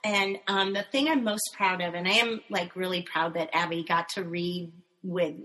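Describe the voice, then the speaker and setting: A middle-aged woman chatting casually on a panel, animated and telling stories with frequent laughter. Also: lowish voice, normal speed, poor audio. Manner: animated, storytelling, laughs often. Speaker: panel guest, puppeteer.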